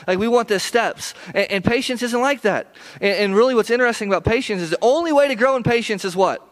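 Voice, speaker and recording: A man preaching in an easy, conversational way, his voice sitting a little high for a man. He pleads with the listeners, repeats himself and often restarts his words as he explains a scripture passage. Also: quick pace, few pauses. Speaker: pastor. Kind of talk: sermon.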